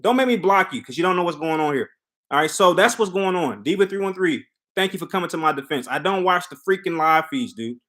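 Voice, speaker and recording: A man's voice: high voice, expressive, fast talker, a bit bright. A man hosting a casual reality-show commentary, talking emphatically and repeating himself as he reads and answers viewer comments. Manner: emphatic, repetitive, talks to viewers. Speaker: show recap host.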